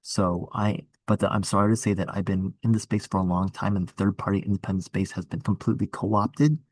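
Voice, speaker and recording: A man's voice: fairly low pitch, steady tone, fairly quick, no room sound. A man running for office, talking through his campaign in a rambling, earnest way with many restarts. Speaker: political candidate. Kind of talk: casual political chat.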